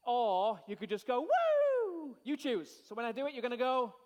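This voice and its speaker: Pastor guy hyping up the room, high voice, big echoey hall. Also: brisk, slight background noise. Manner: playful, hyped crowd-rousing with shouted cues. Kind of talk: energetic sermon to a congregation. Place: large church hall. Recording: long hall reverb.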